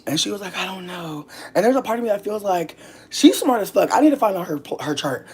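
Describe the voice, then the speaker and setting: A young woman from the US chatting casually to camera, rambling and swearing freely, a little out of breath, dropping to mutters and jumping to loud bursts. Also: medium pitch, big pitch swings, quick pace, slightly rough. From United States. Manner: profane, rambling, playfully brash, jumps between mutters and loud bursts. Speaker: vlogger.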